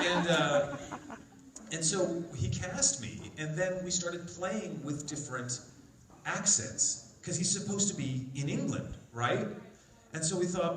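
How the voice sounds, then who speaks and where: A man on a convention panel telling anecdotes, with a lively voice that swings up and down as he acts out quotes. He sounds fairly high for a man, and he is picked up from a distance by a phone in the audience. The big hall echoes around him, with faint crowd noise behind. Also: normal speed. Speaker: voice actor guest on a convention panel. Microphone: phone recording from the audience.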